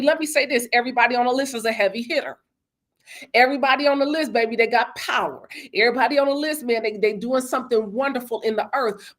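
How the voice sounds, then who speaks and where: Emphatic woman giving a motivational talk. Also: on the high side. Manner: emphatic and repetitive, addressing listeners as y'all and baby; acts out quoted conversations in a softer voice. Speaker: host.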